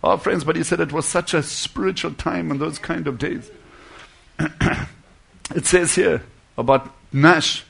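Fervent high-voiced preacher man. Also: a little slow, vocal fry, pauses often, husky. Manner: fervent, swinging from loud to hushed. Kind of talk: sermon.

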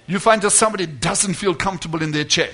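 A man preaching to his congregation in a high, bright voice. He drives his points home with loud declarations, then drops into quiet asides. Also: fast, slightly rough. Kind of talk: sermon.

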